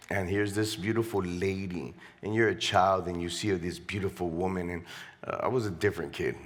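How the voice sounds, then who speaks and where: A man's voice: low voice, fairly bright tone. A middle-aged man from Colombia, a guest on stage, animatedly retelling a story and quoting voices. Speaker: interview guest. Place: live event stage.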